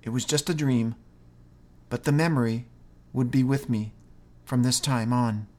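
A man reading out a first-person ghost story in a slow, measured way. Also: medium pitch, darkish tone. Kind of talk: scripted first-person narration.

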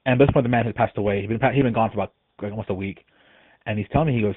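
A man's voice: lowish voice, rapid-fire, no room sound. A man from Texas phoning in to tell a ghost story, rambling along with lots of fillers and restarts. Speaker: caller sharing a ghost story. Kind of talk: casual phone-in storytelling. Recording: tinny phone line, dry.

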